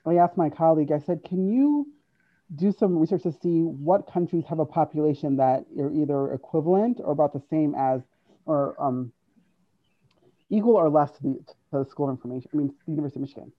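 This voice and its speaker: Brief: woman guest, lively storyteller who acts out quotes, heard on a dull, dry lo-fi recording. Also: deep voice, quick pace, no echo. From United States. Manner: animated, acts out quoted dialogue, laughs often. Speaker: interview guest, university staff. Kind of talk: conversational storytelling.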